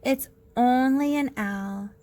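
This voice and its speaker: A woman voicing a sleepy, gruff older mouse who talks slowly, weary but patient, in a storybook. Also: sits high, darkish tone.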